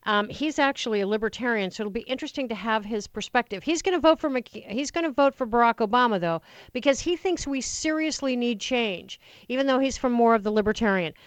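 A woman's voice: a little high, animated, fairly quick, hardly any pauses, no room sound. Passionate rambling woman talk radio host. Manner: passionate, rambling, full of restarts. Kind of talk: political call-in talk radio. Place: radio studio. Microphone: studio microphone.

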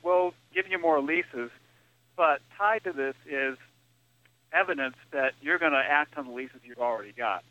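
A man's voice: medium pitch, sharp tone. A man calling in to a talk radio show, earnest and thinking aloud as he lays out an idea, heard over a phone line. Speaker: caller. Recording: dull phone-line audio.

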